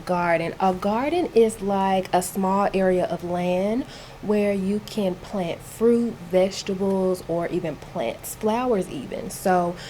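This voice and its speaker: A woman's voice: mid-range voice, takes it slowly, dark tone, slight background noise. A woman tutoring a child in reading one-on-one, patient and encouraging, explaining words simply.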